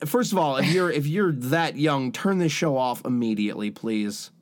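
A man's voice: medium pitch, lively intonation, moderate pace. A man co-hosting a podcast, making dry, sarcastic jabs in casual crude chat. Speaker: podcast co-host.

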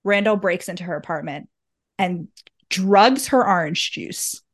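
Animated woman recapping a book. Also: on the low side, a little slow. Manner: animated storytelling, swears freely, acts out quotes. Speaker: podcast co-host. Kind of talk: casual chat, book recap.

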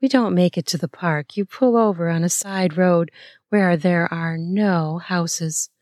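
A woman reading an intimate first-person erotic story in a breathy, playful way, with soft laughs and gasps. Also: fairly low pitch, a little slow, dry recording, studio quality.

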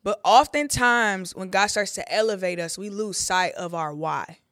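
This young preacher's voice is mid-range and fairly bright, moving at a normal speed as she recounts her testimony for a podcast. Her delivery is heartfelt and conversational, frank, and peppered with "like." It's a clean studio recording without any room sound.

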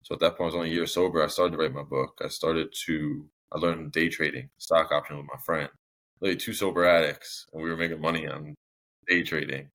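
A man's voice: very deep voice, little pitch movement, fast, a bit bright. A young man speaking as a podcast guest, telling his story in a casual, rambling way with many fillers and restarts. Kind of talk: candid personal storytelling.

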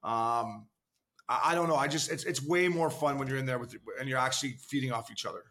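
This man's voice is medium in pitch, fairly fast, bright and forceful. He's an ex-pro hockey player guesting on a podcast for some casual chat, full of restarts and loose swearing, addressing the hosts as "boys" and "fella."

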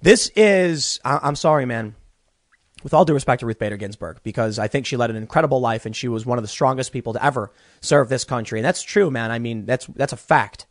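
A man's voice: medium pitch, fairly quick, dry recording. A young man hosting a political commentary show from a small closet studio, ranting animatedly and stammering through repeated words. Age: young adult.

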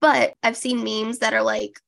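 A woman's voice: on the high side, fairly even intonation, a little slow, vocal fry, a bit bright. A young woman co-hosting a podcast in casual chat, wry and sarcastic, swearing casually. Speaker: podcast co-host.

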